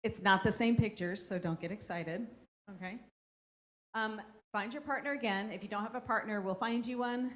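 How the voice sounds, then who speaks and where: A woman's voice: medium pitch, moderate pace. A woman leading a parent workshop in a school room, talking conversationally to the audience and checking in with a frequent "okay?" as she acts out what kids and parents say. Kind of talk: interactive parent workshop talk.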